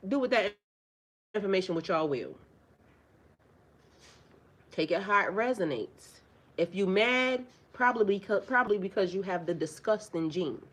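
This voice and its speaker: A spiritual life coach talks loosely to her livestream audience in a mid-range, slightly bright voice with lively intonation. Her pace is moderate and she pauses often, while her delivery stays blunt, preachy and profane, full of rhetorical questions and repetition for emphasis.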